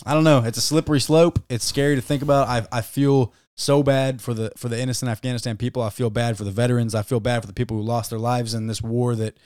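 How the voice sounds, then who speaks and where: A man's voice: mid-range voice, fairly even intonation, quick pace, hardly any pauses, darkish tone, smooth, dry recording, studio quality. A man co-hosting a casual podcast, ranting heatedly and swearing often. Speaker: podcast co-host.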